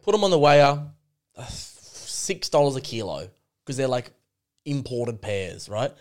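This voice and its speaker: Young Aussie guy, casual podcast co-host, animated storyteller, swears a lot, mid pitch. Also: unhurried. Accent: Australian. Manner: animated, swears freely, acts out quotes in a raised voice. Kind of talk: casual chat.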